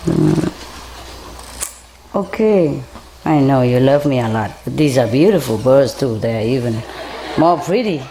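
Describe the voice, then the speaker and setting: Soft-spoken low-voiced woman, gently coaxing. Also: animated, measured pace, long pauses, a little hiss or hum. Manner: gentle coaxing, chuckling often. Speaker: spiritual teacher speaking to a group. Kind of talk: casual talk to an audience and a pet bird.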